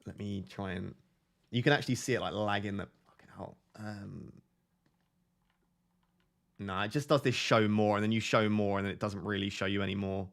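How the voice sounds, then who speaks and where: A man's voice: fairly low pitch, fairly even intonation, moderate pace, gravelly, pauses often. A man hosting a casual fantasy football live stream, reading viewer comments aloud and joking and laughing with them.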